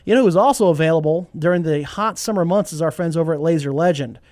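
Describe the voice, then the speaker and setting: A man hosting a podcast in casual chat, animated and joking, reading an ad read along the way. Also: fairly high pitch, quick pace, no room sound. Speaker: podcast host.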